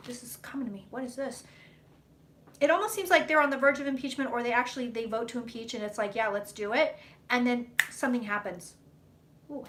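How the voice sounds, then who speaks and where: A woman psychic doing live predictions on a stream, talking bluntly and profanely in quick, rambling bursts. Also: a little high, bright, forceful tone.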